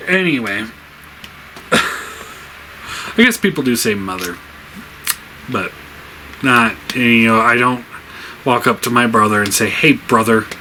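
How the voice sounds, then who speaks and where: A man's voice: mid-range voice, expressive, slow pace, pauses often, pushed and bright, slight background noise, low-quality recording. A man giving a casual spoken review, rambling with many fillers, laughing often, sounding exasperated.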